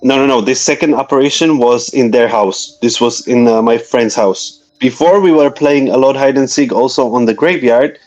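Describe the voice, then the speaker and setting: A man's voice: mid-range voice, moderate pace, few pauses, darkish tone, soft background music, low-quality recording. A man from Slovakia in his thirties with a Slovak accent, telling a story as a guest in a casual interview, with hesitant, filler-heavy, nonnative phrasing.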